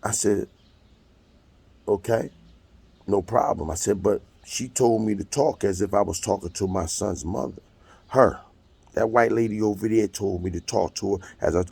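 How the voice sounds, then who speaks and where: A man's voice: lowish voice, normal speed, darkish tone. A man, bluntly and profanely retelling a court hearing in a casual monologue. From United States. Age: 50s. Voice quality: gravelly and husky. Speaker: storyteller recounting a court hearing.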